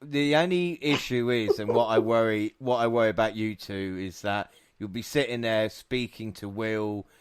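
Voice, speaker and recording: A man's voice: fairly low pitch, moderate pace, few pauses, a crowd in the background. A man hosting a podcast in casual chat, joking, laughing and swearing freely. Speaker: podcast host.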